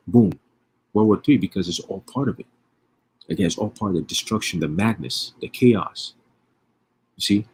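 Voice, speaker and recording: A man's voice: lowish voice, darkish tone, slight background noise. A man giving casual, profane religious commentary, streetwise and emphatic, with frequent rhetorical questions. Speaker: online preacher.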